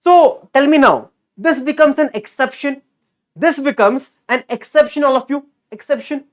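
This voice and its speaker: A male teacher giving a lively online exam-prep lecture. He repeats key words and keeps quizzing his students. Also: very high voice, normal speed. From India.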